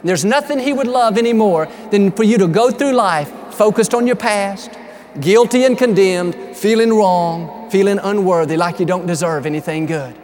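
A man's voice: high-pitched, moderate pace, a little mellow. A man preaching a sermon in an upbeat, emphatic way, mixing encouragement with folksy stories. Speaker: pastor.

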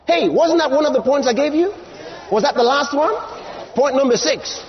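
Male preacher, high and animated voice, emphatic and repetitive, dull live-sermon recording. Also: normal speed. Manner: emphatic, repeats lines, rises to shouts.

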